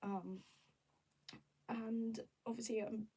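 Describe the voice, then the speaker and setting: Breathy young woman chatting. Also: on the high side, slow, far from the mic, rough recording. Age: young adult. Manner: candid, rambling and animated. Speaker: vlogger. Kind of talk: casual chat.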